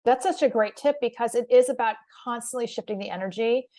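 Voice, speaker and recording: A woman's voice: fairly high pitch, brisk, dark tone. A woman hosting an interview podcast, speaking as a media coach in an encouraging, reflective way. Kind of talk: conversational interview.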